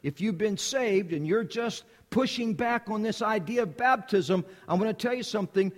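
A man preaching a sermon in a high, lively voice that climbs and falls as he drives each point home. He hammers on repeated phrases. His voice trails into the long reverb of a church hall. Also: normal speed. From United States. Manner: emphatic, repetitive preaching cadence. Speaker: preacher, missionary.

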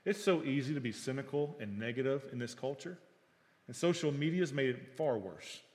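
A middle-aged male pastor preaching a sermon, telling stories and acting out dialogue, swinging between loud and hushed. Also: medium pitch, expressive, normal speed. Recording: long reverb of a hall.

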